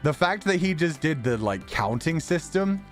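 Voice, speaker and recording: A man casually chatting on a livestream, excitable, laughing often and swearing now and then. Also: on the high side, moderate pace, over music. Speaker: streamer.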